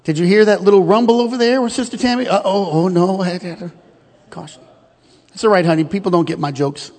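A man's voice: high voice, fairly quick, a little mellow, long reverb tail. A middle-aged male pastor preaching a sermon, telling stories and joking, calling out to the congregation. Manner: storytelling, joking, calls out to the congregation. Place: church sanctuary.

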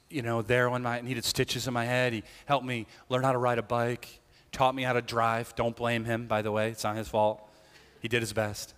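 A man's voice: medium pitch, a bit bright. A middle-aged man preaching a sermon as pastor, telling a personal story with casual asides to his congregation. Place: church sanctuary. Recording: long hall reverb.

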